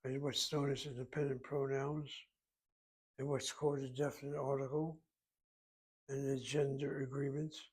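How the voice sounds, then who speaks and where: A man's voice: mid-range voice, little pitch movement, normal speed, a little mellow, slightly rough. A man teaching a Hebrew lesson, explaining grammar methodically step by step. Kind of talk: recorded language lesson.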